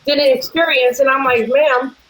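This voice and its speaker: A woman in casual chat who talks fast and rambles, blunt and profane. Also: high voice, fairly even intonation, fairly bright tone, reverberant, low-quality recording. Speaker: livestream guest.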